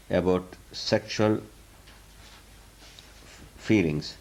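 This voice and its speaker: A man with a lowish voice reads handwritten questions aloud at a very unhurried pace. He stops, repeats words and puzzles over them before he answers. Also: a little mellow, slight background noise, low-quality recording. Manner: slow, halting reading of written questions. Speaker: spiritual teacher answering questions. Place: talk hall.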